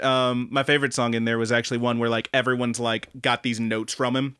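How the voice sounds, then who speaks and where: A young man co-hosting a casual podcast, animated and profane, who acts out quoted lines in high, mocking voices. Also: a little fast, smooth, no echo, studio quality. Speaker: podcast co-host.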